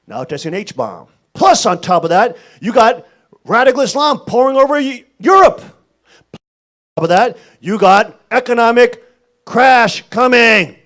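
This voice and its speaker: A male pastor delivering a sermon in an emphatic, scolding and animated way. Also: very high voice, measured pace.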